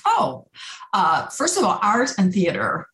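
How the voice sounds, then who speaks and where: Animated woman in an echoey room. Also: a little slow. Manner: animated storyteller, acts out quotes in higher pitch. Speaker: HR consultant, guest. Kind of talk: conversational interview.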